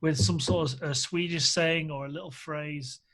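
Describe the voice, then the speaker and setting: A man with a slightly high voice hosts a relaxed interview. He rambles along, restarting sentences and filling gaps with ums as he goes. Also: moderate pace. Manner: rambling, full of restarts and fillers. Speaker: festival interviewer. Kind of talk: casual video call interview.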